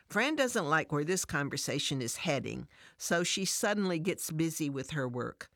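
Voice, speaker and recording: A woman reading a devotional story aloud in a calm, measured way. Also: low voice, dry recording, studio quality. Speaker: narrator. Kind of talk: scripted devotional story narration.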